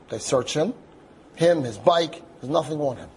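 A man telling a dramatic story aloud, acting out the quotes with lively animation. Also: fairly high pitch, a little fast, a little hiss or hum.

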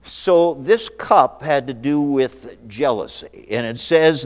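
A man's voice: mid-range voice, lively intonation, takes it slowly, few pauses. A man preaching a sermon as pastor, telling a folksy story and then reading scripture aloud. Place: church sanctuary. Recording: church hall reverb.

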